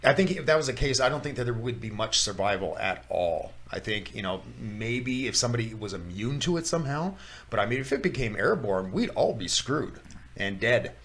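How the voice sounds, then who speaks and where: A man's voice: mid-range voice, sing-song, a little fast, fairly bright tone. A man co-hosting a casual talk show, rambling with frequent restarts and laughter. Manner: rambling, restarts often, laughs while talking. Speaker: podcast co-host. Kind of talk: casual chat.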